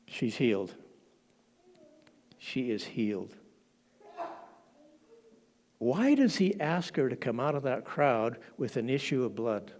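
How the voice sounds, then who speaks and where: A man's voice: mid-range voice, big pitch swings, slow pace, long pauses, darkish tone. A man preaching a sermon in a church, dramatic and acting out the quoted lines as he tells the story.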